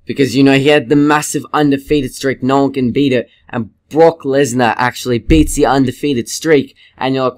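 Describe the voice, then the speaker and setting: A man giving a casual, rambling video review, excitable and swearing freely. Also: mid-range voice, normal speed, hardly any pauses. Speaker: wrestling reviewer.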